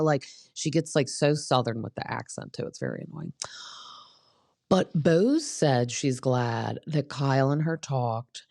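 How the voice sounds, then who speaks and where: A woman's voice: very deep voice, lively intonation, measured pace, darkish tone, no echo, clean studio sound. A young woman hosting a casual recap show, chatty and opinionated, acting out what people said. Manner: chatty, opinionated, acts out quotes. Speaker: podcast host recapping reality TV. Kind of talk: casual chat.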